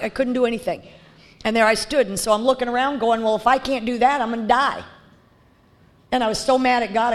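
A woman speaking bluntly and candidly as she shares her recovery story, with frequent fillers and restarts. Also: a little high. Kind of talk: personal testimony talk.

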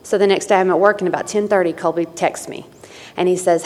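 Middle-aged woman, lower voice, candid testimony with wry humor, long hall reverb. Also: steady tone, fast talker. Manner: candid, folksy, wry asides. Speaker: speaker sharing at a recovery meeting. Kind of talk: personal testimony storytelling.

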